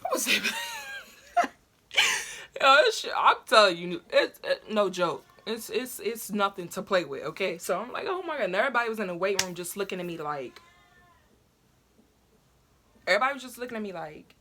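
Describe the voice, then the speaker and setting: A woman's voice: mid-range voice, expressive, fairly quick, sharp tone. A young woman tells her labor story casually and animatedly, swearing and acting out her own past cries. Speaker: vlogger.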